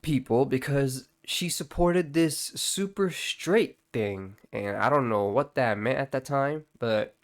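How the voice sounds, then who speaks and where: A man's voice: medium pitch, slow pace, few pauses. A young man giving casual vlog commentary, full of profane slang and filler words. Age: young adult. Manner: profane slangy banter, lots of "bro" and "like". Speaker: YouTube commentator.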